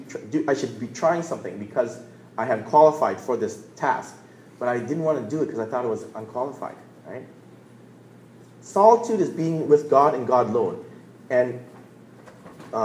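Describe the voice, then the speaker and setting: A man in his forties preaches a sermon in a loose, conversational, storytelling way, checking in with the listeners as he goes. His voice sits at an ordinary middle pitch. A roomy echo surrounds it in a large space. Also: a little mellow, a little hiss or hum. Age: 40s. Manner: conversational storytelling, repeats words, asks "right?".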